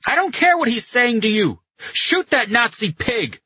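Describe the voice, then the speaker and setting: A man voicing a hot-headed young Italian man who yells urgently. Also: very high-pitched, sing-song, measured pace, breathy edge, dry recording, muffled recording, voice pushed up, full character voice. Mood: yelling. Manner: yelling.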